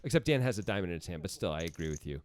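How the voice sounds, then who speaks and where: A man giving casual, chatty poker commentary with quick, lively reactions. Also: deep voice.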